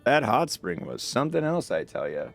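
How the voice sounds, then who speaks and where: A man's voice: medium pitch, very animated, moderate pace, creaky. A young man streaming a game, chatting casually and reading out messages from his chat in an upbeat, jokey way. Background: game music.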